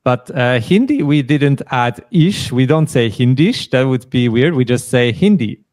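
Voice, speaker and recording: A man's voice: medium pitch, expressive, unhurried, a little mellow. A man teaching a beginner lesson, patiently explaining pronunciation and asking his learner to repeat the words. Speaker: German teacher. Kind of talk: language lesson.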